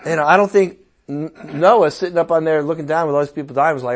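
A man preaching a sermon in a conversational, animated way, with playful asides and sudden outbursts. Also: a little high, quick pace.

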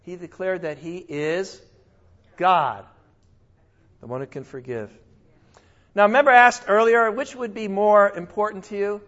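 Male Bible teacher, high voice, animated with sudden exclamations and self-corrections, dull lo-fi recording. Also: a little slow, long pauses.

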